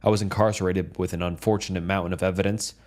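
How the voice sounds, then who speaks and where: A man reading a dark first-person horror story as a calm, steady scripted narration. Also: low-pitched, quick pace.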